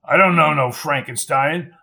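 A man doing a loud, blaring, boastful barroom loudmouth. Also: a little high, a little slow, vocal fry, exaggerated voice. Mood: belligerent. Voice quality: loud, blaring, like an overloaded speaker. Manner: boastful, belligerent, mouthing off. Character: loudmouthed short brash young man, bar troublemaker.

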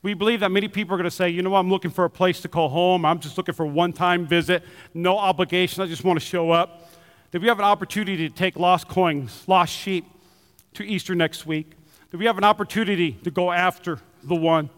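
High-voiced animated pastor in a hall. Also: male voice, fast talker. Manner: animated storytelling, acts out quotes with shouts. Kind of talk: sermon. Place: church hall. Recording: reverberant hall.

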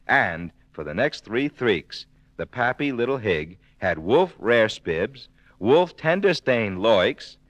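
A man telling a comic tale full of swapped sounds, playful and lively, on an old record. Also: on the low side, no echo, highs cut off. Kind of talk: comic storytelling in spoonerisms.

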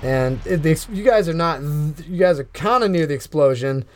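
A man's voice: a little high, slight background noise. A man narrating as game master of a tabletop game, casual and a bit profane. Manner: slow, animated narration with casual swearing.

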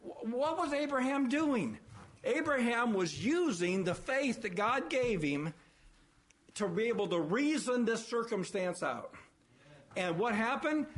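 Man, high-pitched voice, sermon, emphatic, repeats key phrases, rhetorical questions. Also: a bit bright. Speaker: preacher.

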